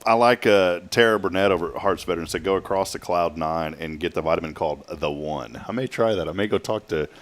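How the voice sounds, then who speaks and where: A man's voice: low voice, a little fast, hardly any pauses. A man hosting a morning talk show, rambling and often restarting his sentences. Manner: rambling, self-interrupting, chatty. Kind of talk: casual chat.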